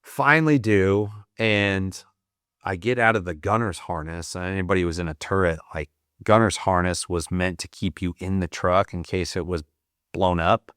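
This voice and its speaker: A man's voice: low-pitched, normal speed, fairly bright tone, smooth, dry recording, clean studio sound. A man in his forties, a Marine veteran guest on a podcast, telling war stories in a blunt, profane, matter-of-fact way. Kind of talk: casual war storytelling.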